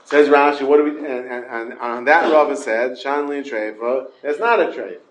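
A man's voice: mid-range voice, normal speed, poor audio. Man teaching Talmud in Yeshiva English. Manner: mixes Hebrew and Yiddish terms into English, questioning students. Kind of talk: informal Talmud class.

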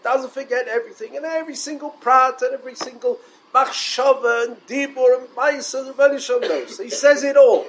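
A man giving a Torah lecture, animated and full of rhetorical questions, mixing in Hebrew and Yiddish terms. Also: very high-pitched, a little fast, a little hiss or hum, low-quality recording. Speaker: rabbi.

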